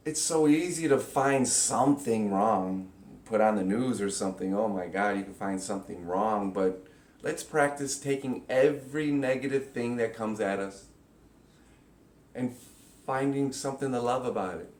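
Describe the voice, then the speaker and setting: A man giving a casual spiritual teaching talk, animated and acting out inner voices with sudden loud, high bursts. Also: normal speed. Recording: echoey room.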